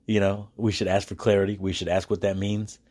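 This podcast host, speaking alone from his silent home at night, has a lowish voice. He's chatty and lively, often restarting sentences and laughing briefly.

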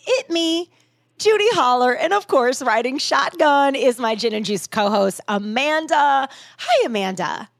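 A woman hosting a podcast in casual chat, animated and swearing freely as she acts out quotes in big voices. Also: sits high, dry recording, clean studio sound. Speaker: podcast host.

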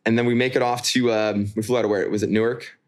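A man's voice: medium pitch, level tone, quick pace. A man co-hosting a casual podcast, telling stories with frequent laughs and restarts. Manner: laughs often, storytelling with restarts. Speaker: podcast co-host. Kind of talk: casual chat. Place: New York.

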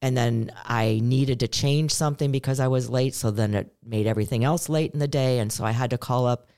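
A woman's voice: rumbling low, brisk, clear, resonant tone. Earnest middle-aged woman podcaster. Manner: earnest, storytelling, animated when quoting. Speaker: podcast co-host. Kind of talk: casual chat.

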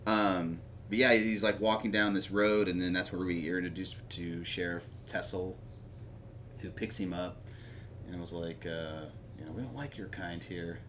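A man chatting casually about a movie, rambling with lots of fillers and animated retelling of scenes. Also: deep voice, normal speed, background noise.

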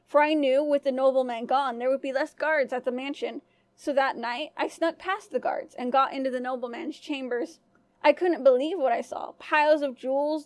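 A woman storyteller giving scripted first-person narration of a folk tale in an even, clear manner. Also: high voice, dry recording.

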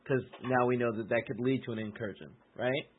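A man's voice: mid-range voice, fairly even intonation, brisk, a little hiss or hum. A man on a podcast thinking aloud in casual chat, posing tentative questions. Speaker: podcast co-host. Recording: tinny phone-like lo-fi sound.

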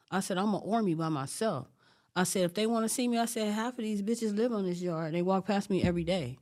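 A woman being interviewed, telling a long story in an animated, streetwise way and acting out what people said. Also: medium pitch, fairly quick. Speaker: interview guest.

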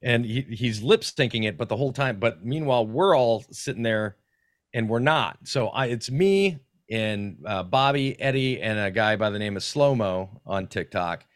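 A man guesting on a podcast, telling stories in a casual, animated, profane way with frequent restarts. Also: medium pitch, moderate pace, no room sound, studio quality. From North Carolina. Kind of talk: casual storytelling.

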